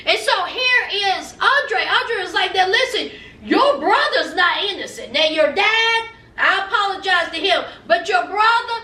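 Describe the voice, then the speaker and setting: A woman's voice: extremely high pitch, animated, a little slow, bright, forceful tone. A woman giving a sassy, gossipy recap of a reality show, acting out the cast's lines. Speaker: recap vlogger. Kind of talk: casual TV recap commentary. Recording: echoey room, mic at a distance.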